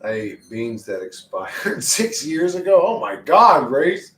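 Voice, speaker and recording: A man's voice: fairly high pitch, big pitch swings, takes it slowly, echoey room, far from the mic, a little hiss or hum, poor audio. A man chatting casually and profanely on a live stream, joking and getting easily worked up.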